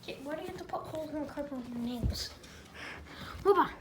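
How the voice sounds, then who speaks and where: High-voiced woman teasing her dogs. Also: fast. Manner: playful, teasing, talks straight to her dogs. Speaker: vlogger filming her pet dogs. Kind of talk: casual off-the-cuff chatter. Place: indoors at home. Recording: noisy home video recording.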